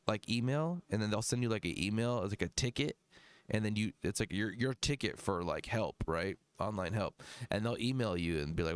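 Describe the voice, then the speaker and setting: A man's voice: lowish voice, dry recording. A man hosting a live music review stream, talking in a rambling, profane, casual way.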